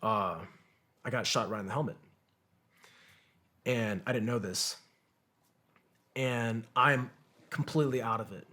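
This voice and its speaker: A man who served in combat shares his war story on a podcast, his mid-range voice pushed and bright, unhurried and often pausing. The telling is conversational, profane, and vivid, and he acts out what others said.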